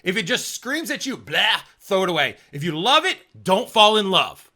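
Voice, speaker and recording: A high, very bright male voice that swings widely in pitch as he coaches. He talks straight to the viewer, slangy and animated, and acts out students' thinking in quick little asides. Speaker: exam prep coach. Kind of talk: energetic tutorial talk to camera.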